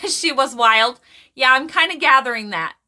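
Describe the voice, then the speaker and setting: Woman, high-pitched, bright, psychic medium, live stream chat, animated, casual. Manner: chatty and animated, laughs often, quick asides to chat.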